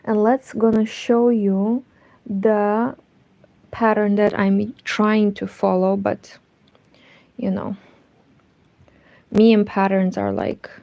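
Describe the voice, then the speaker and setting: A woman chatting softly in a hushed half-whisper at home, live-streaming and talking about her crochet. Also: medium pitch, level tone, takes it slowly, vocal fry, long pauses, dry recording, poor audio. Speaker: crochet vlogger. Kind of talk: quiet live-stream chat.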